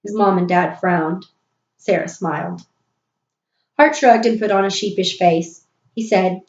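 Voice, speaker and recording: A woman's voice: on the low side, measured pace, pauses often, darkish tone. Woman reading a storybook aloud. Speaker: audiobook reader. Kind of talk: storybook narration. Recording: roomy, dull recording.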